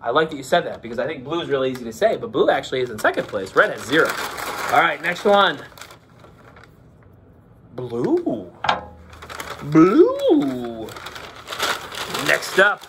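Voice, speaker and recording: A male teacher running a playful lesson for children, cracking pirate jokes and slipping into a gruff pirate voice. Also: high voice, background noise. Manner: hammy, joking, slips into a gruff pirate voice.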